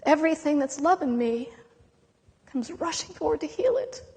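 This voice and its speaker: A woman giving an impassioned spiritual talk, emotional and intense, with long dramatic pauses between words. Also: high voice, lively intonation, darkish tone. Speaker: spiritual speaker. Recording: long hall reverb.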